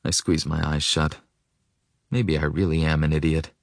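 A man with a very low, deep voice reads a first-person novel in a reflective, intimate tone, often sinking to a hush. The recording is dry and close, with no room sound. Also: level tone, normal speed, vocal fry, dry recording. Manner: reflective, intimate, softening to hushed. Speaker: audiobook narrator. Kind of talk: first-person audiobook narration.

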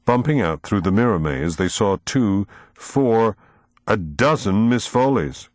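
Male audiobook reader, lowish pitch, very lively inflection, dramatic. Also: dry recording. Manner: dramatic, measured storytelling. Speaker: narrator. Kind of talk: audiobook narration.

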